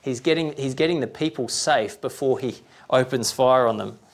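A man's voice: mid-range voice, normal speed, vocal fry. A man preaching a sermon, talking conversationally and checking in with rhetorical questions.

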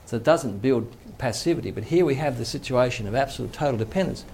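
A man's voice: medium pitch, animated, fast talker, darkish tone. A male pastor giving a conversational sermon, acting out quoted voices, with faint background noise.

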